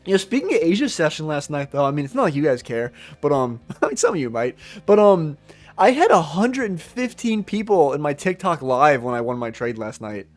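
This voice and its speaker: A young man with a slightly high voice hosts a trading livestream and chats in a loose, slangy way, answering viewer comments with quick jokes. Faint music plays quietly behind him. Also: sing-song. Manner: loose, joking, slangy, reacts to chat with quick laughs. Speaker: livestream day trader. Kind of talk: casual livestream chat reading viewer comments.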